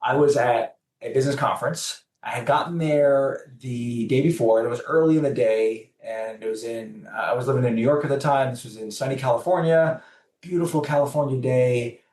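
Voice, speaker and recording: A man's voice: mid-range voice, fairly quick, roomy sound, far from the mic. A man telling a personal story as a podcast guest, acting out the voices of the people in it. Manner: animated storyteller acting out dialogue. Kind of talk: storytelling in an interview.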